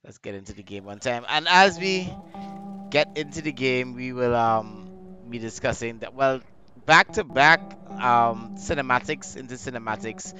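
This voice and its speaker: A man's voice: mid-range voice, moderate pace, bright, forceful tone, soft background music. A man hosting a gaming stream, chatting casually and repeating words as he hesitates. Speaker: stream host.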